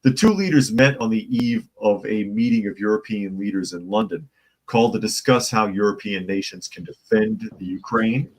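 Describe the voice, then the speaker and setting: A man's voice: on the low side, normal speed, low-quality recording. A man hosting a casual opinion show on the news, sarcastic and improvising jokes while reading articles. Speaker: news commentary host.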